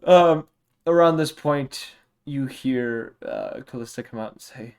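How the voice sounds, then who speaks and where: A game master narrating a tabletop game at an unhurried pace, amused and laughing often. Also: mid-range voice, darkish tone, clean tone. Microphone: home mic on a stream.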